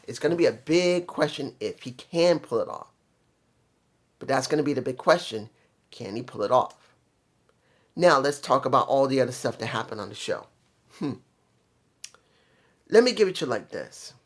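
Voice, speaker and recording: A man's voice: medium pitch, expressive, normal speed, long pauses. A man giving a casual solo review of a wrestling show, opinionated and thinking aloud with fillers and restarts.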